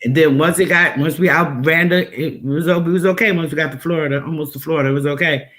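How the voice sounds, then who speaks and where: A woman's voice: deep voice, fast, fairly bright tone. A woman host tells stories in casual, emphatic chat and repeats phrases for effect.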